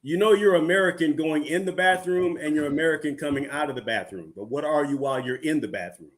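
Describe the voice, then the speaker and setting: Male podcast co-host, higher voice, playful storyteller with corny jokes. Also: fast. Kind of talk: casual chat and joke telling.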